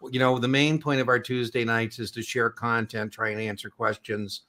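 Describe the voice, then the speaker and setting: A man's voice: mid-range voice, little pitch movement, normal speed, pushed and bright. A middle-aged man hosting an exam prep live stream, chatting casually and telling rambling, joking stories.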